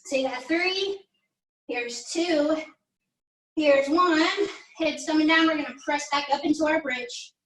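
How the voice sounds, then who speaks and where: High-voiced woman coaching a workout. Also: a little slow, fairly bright tone. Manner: encouraging, chatty, counts down reps. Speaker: pilates instructor. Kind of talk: workout class instruction. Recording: echoey room, mic at a distance.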